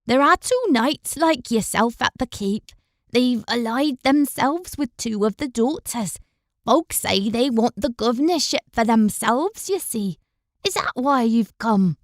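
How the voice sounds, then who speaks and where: A woman's voice: a little high, expressive, unhurried, dry recording, clean studio sound. Woman doing a plain-spoken village boy.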